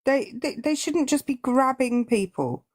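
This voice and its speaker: Slow-talking woman, firm. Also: high-pitched, expressive, no echo, clean studio sound. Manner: deliberate, firm, explanatory. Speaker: panelist who teaches consent. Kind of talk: casual live-stream chat.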